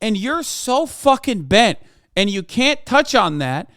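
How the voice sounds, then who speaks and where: Male streamer, blunt profane reaction commentary, high-pitched, dry. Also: big pitch swings, takes it slowly, a bit bright, no room sound.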